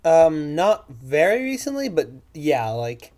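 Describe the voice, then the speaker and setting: A man's voice: a little high, very animated, slow pace, darkish tone. A teenage boy co-hosting a music podcast, giving blunt opinions in casual chat full of fillers. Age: teens. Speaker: podcast co-host.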